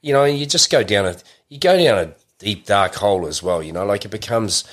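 A man's voice: on the low side, animated, brisk. A middle-aged man, talking in a rambling way full of fillers and restarts in a casual interview. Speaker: podcast guest.

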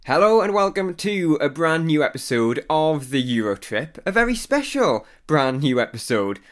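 A man's voice: fairly high pitch, big pitch swings, moderate pace. A man hosting a podcast, chatty and laughing between lines. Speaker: podcast host. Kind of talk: casual podcast chat.

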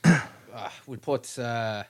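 An Irish man with a mid-range voice co-hosts a podcast among friends, often pausing with "uh" and laughing as he talks. He sometimes drifts away from the mic. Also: mid-range voice, dry recording. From Ireland. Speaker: podcast co-host. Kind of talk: casual banter among friends.

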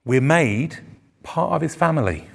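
A pastor's voice, on the high side and gravelly with fry, carries an animated sermon at a measured pace. Into a microphone before a live congregation in church, he preaches earnestly and emphatically, lifting on the words he wants to stress.

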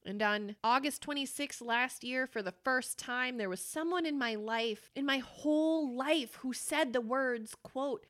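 A young woman in her late twenties speaks with a slightly high voice, swearing bluntly and freely. She drives an impassioned monologue as a podcast host, dragging out key phrases for weight. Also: fairly bright tone. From Wisconsin, US. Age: late 20s. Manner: blunt, profane and fiercely emphatic; slows down for emphasis on key phrases.

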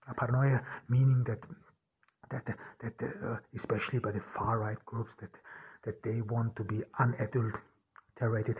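Husky halting man, lo-fi recording. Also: mid-range voice. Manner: halting, many restarts and fillers. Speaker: podcast host. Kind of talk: casual monologue. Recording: dull lo-fi audio.

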